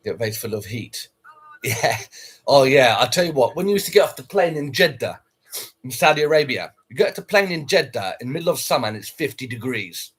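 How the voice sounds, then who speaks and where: A man's voice: medium pitch, sing-song, fairly quick, a bit bright, breathy edge. A man casually chatting on a livestream, reacting to viewer comments in a blunt, sweary way. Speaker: livestreamer reading chat.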